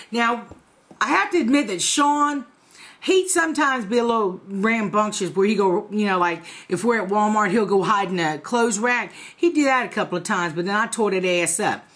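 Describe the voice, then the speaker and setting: A vlogger in her forties tells her viewers a story in a casual, profane way, laughing as she goes. Her voice is mid-range and a bit bright.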